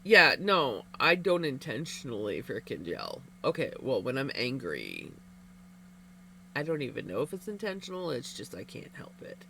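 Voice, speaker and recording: A woman's voice: extremely low pitch, very animated, moderate pace, creaky, bright, forceful tone, slight background noise. A woman livestreamer chatting casually with viewers while knitting, candid and rambling, laughing often.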